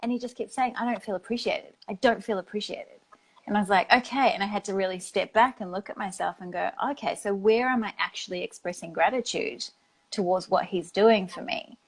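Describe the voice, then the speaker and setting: A woman's voice: medium pitch, a little fast, rough recording. A woman in casual conversation, telling a story from her own life and acting out what she said. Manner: animated storyteller who acts out her own past words.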